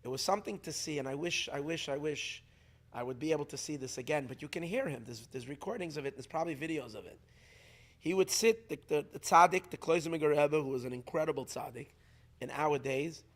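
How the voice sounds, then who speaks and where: Man, middle-aged, rabbi, unscripted storytelling talk, emphatic, repeats and restarts, fairly high voice. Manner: animated, emphatic, with frequent restarts and repeated words. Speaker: rabbi teaching at a community gathering.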